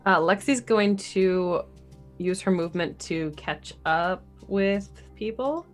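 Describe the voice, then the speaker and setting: A woman's voice: fairly low pitch, slow pace, faint music behind. A woman playing a tabletop game, casually describing her character's actions in the third person.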